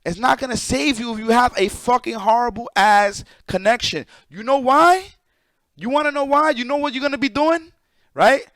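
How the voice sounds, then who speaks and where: High-voiced man ranting on stream. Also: moderate pace, no echo. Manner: profane, animated, talks to chat. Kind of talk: casual live-stream rant.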